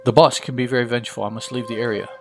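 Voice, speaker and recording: A man doing a calm gravelly ronin. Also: medium pitch, faint music behind, natural voice. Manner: steady, measured. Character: calm honorable male ronin swordsman.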